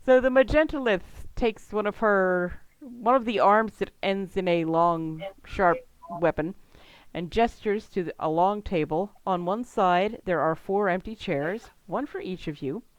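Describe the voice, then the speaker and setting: A woman's voice: mid-range voice, measured pace, dry recording, poor audio. Chatty woman game master, dry close sound. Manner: chatty, laughs often. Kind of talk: narrating a tabletop game.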